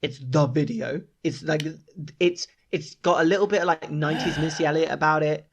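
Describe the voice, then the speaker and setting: A woman's voice: deep voice, a little fast. A young adult woman co-hosting a podcast, chatting in an enthusiastic, playful way. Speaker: podcast co-host. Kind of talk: casual chat.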